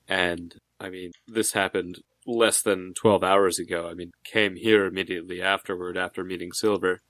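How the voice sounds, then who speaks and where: Deep-voiced male tabletop player. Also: a bit bright, no room sound. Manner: plain, hesitant with "uh" pauses. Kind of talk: in-character tabletop role-play.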